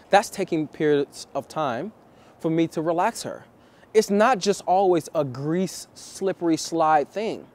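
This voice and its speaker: A man coaching viewers on dating in a vlog, talking deliberately and repeating key phrases for emphasis. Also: fairly high pitch, darkish tone.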